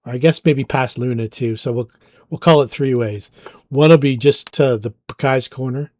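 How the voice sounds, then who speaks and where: A man narrates as game master, casual and halting, full of small fillers. His voice sits at a middle pitch. The sound is dry and close, with no room around it. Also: a little mellow, no echo. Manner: casual, hesitant with frequent ums.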